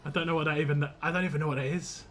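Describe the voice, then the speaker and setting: A man's voice: on the high side, fairly even intonation, racing, fairly bright tone, faint music behind. A young man streaming a game live, chatting casually with viewers, rambling and laughing often.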